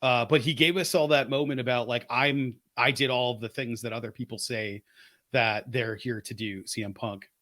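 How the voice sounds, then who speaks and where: A man's voice: medium pitch, steady tone, moderate pace, bright, forceful tone, no room sound, clean studio sound. A man co-hosting a podcast, chatting casually and thinking aloud with enthusiastic, opinionated takes. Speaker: podcast co-host.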